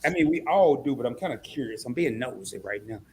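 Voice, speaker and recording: A man hosting a live-stream interview, who gets excited and reads viewer comments aloud as he talks. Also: mid-range voice, quick pace, slight background noise.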